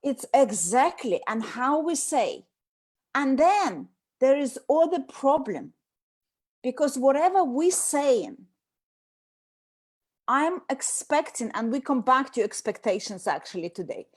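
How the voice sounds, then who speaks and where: High-voiced animated woman talking. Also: slow pace. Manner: animated, acts out nagging quotes. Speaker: host. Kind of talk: casual talk on communication.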